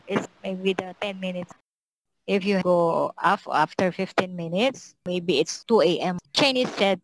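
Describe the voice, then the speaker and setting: Woman telling her story in halting English. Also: mid-range voice, no echo, low-quality recording. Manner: halting second-language English with simple phrasing. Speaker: factory worker interviewee. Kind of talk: interview testimony.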